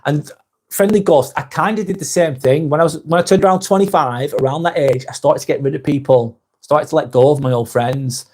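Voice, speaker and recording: A man's voice: on the high side, a little fast, darkish tone. Blunt sweary man with Lancashire accent. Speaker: live vlog host. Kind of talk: live-stream chat, reading viewer comments.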